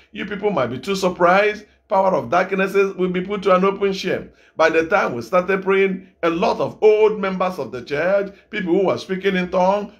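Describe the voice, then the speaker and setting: A middle-aged Nigerian evangelist preaching a sermon, repeating phrases and asking the congregation rhetorical questions. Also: male voice, high voice. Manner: repetitive exhortation, rhetorical questions.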